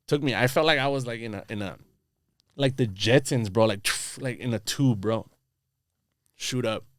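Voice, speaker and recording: A man's voice: medium pitch, dry recording. A man, a podcast guest in a studio, telling a rambling story in casual slang full of "dude" and "bro".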